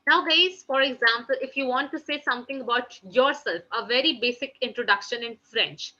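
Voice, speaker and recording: Lady teaching french online, bright sharp voice, kinda lo-fi audio, says every phrase twice. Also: fairly high pitch, fairly quick. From India. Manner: keeps addressing the class as "guys", repeats each French phrase twice. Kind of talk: live online class.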